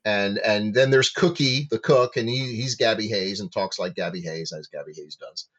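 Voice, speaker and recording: A husky-voiced man co-hosts a casual film podcast, making wry remarks that trail off. His audio is dull and lo-fi, with the top end missing. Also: lowish voice, moderate pace, a bit bright. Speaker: podcast co-host.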